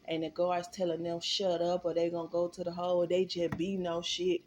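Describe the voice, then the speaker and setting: Animated, swearing woman telling a story. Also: fairly low pitch, moderate pace, lo-fi sound, a little hiss or hum. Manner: animated, profane and emphatic. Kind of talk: storytime vlog.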